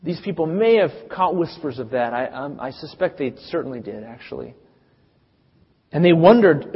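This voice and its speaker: Male preacher, dramatic storyteller, slightly high, muffled sound. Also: expressive, moderate pace, breathy edge. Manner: storytelling, dramatic swings in loudness. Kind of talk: sermon. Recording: dull sound with long reverb.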